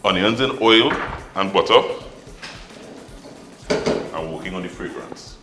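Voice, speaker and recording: A low-voiced man chats through a recipe with bright, forceful energy. He is a lively cooking-show host, and the sound carries the echo of a roomy kitchen, with faint music behind him. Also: measured pace. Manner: lively, chatty, laughs easily. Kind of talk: casual cooking chat.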